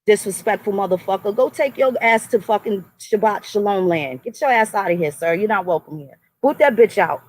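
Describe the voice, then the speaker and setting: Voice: medium pitch, a little fast, hardly any pauses, poor audio. An adult livestream host ranting angrily at the chat and moderators, with heavy profanity and threats. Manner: addresses chat and moderators directly. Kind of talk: angry livestream rant to chat.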